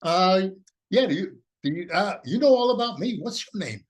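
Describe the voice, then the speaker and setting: A man's voice: high voice, animated, moderate pace. A man presenting an AI business course in a casual, rambling, folksy way, full of fillers and restarts.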